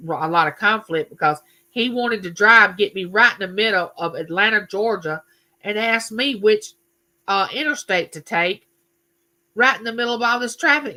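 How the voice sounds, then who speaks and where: A woman's voice: medium pitch, pushed and bright, rough recording. A woman, chatting casually and telling stories on her live stream, greeting viewers by name. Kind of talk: casual chat.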